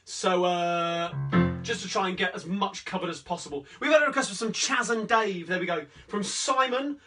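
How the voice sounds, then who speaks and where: A man with a Cockney accent chatting between songs as the host of a live-streamed sing-along, rambling cheerfully through requests and shout-outs. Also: high-pitched, normal speed. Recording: distant mic with guitar playing.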